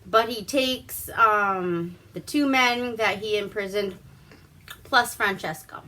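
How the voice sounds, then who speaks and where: A woman recapping a film in a loose, profane and chatty way, taking her time with each sentence. Her voice is bright and clear, with a relaxed, unhurried pace. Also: mid-range voice. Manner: profane, chatty, acts out quotes. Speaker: vlog host reviewing a movie. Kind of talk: casual movie recap.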